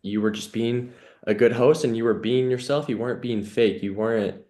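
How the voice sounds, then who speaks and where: A man's voice: mid-range voice, fairly even intonation, normal speed, mellow. A man hosting a podcast, talking in an earnest, reflective way with many "you know" fillers. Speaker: podcast host. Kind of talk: casual conversational interview.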